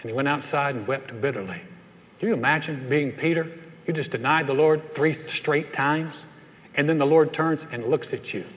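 This man's voice runs on the high side as he preaches at a moderate pace. He's a pastor from North Carolina spinning folksy tales and voicing their characters, recorded in a big hall with long reverb.

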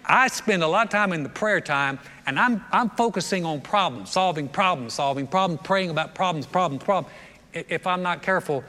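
A man preaching a sermon as a pastor, animated, repeating words and acting out prayers. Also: high voice, long reverb tail.

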